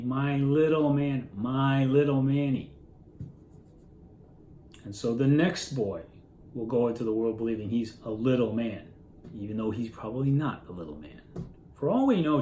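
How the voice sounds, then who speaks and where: A man's voice: medium pitch, mellow. Roomy-sounding man teaching literature casually. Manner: conversational, poses rhetorical questions. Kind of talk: casual classroom lecture. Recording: roomy echo with faint background noise.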